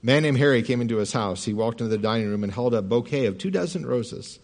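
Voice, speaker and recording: A man's voice: mid-range voice, lively intonation, quick pace. Man telling sermon parables. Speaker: pastor. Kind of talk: sermon storytelling.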